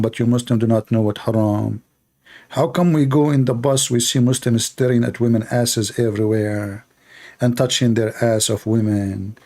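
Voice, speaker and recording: A man's voice: medium pitch, mellow. A man hosting a livestream and giving sarcastic, mocking commentary in a casual ranting style. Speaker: livestream debate host.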